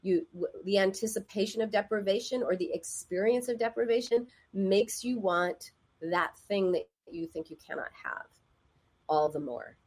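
Give me a husky-voiced woman therapist chatting casually as she gives advice. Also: mid-range voice, normal speed, a little mellow. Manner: conversational, acts out quoted voices.

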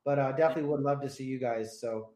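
A man's voice: medium pitch, fairly even intonation, quick pace, dark tone. A man hosting a casual radio chat, laid-back and rambling, swearing often as he tells stories. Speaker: radio host. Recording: roomy echo.

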